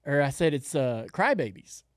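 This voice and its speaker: Man in his fifties, podcast co-host, animated storyteller, dry close mic. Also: a little high, normal speed, dry recording. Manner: animated storyteller, laughs often. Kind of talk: casual storytelling chat.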